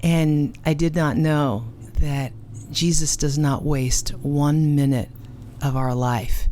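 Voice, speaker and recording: A woman and ministry cofounder giving an earnest, emotional personal testimony, with dramatic pauses. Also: sits low, steady tone, warm tone, slight background noise. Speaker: ministry cofounder and conference speaker.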